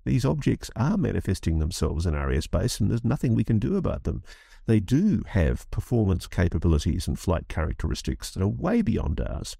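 A man's voice: lowish voice, sing-song, normal speed, creaky, mellow, husky, no room sound, studio quality. A man speaking as a guest in an interview, impassioned and emphatic, often restarting phrases as he builds his point. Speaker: guest commentator. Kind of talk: animated interview talk.

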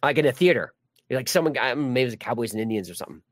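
A man's voice: mid-range voice, animated, racing, dry recording. A man hosting a live stream, chatting casually and joking while reading viewer comments. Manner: rambling, jokey, many restarts. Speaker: livestream host.

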